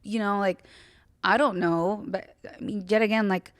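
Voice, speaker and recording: A young woman tells a story from her own life in a loose, chatty podcast manner. She leans on fillers and talks frankly, with a swear word here and there. Her voice has a middle pitch and sounds close and dry, with no room echo. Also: steady tone, moderate pace. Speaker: podcast host. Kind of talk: casual personal storytelling.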